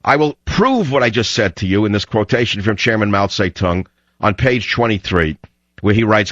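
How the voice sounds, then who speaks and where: A man's voice: on the low side, expressive, normal speed, a bit bright, dry recording. A man hosting talk radio, delivering an emphatic, fiery ranting monologue on dull lo-fi audio.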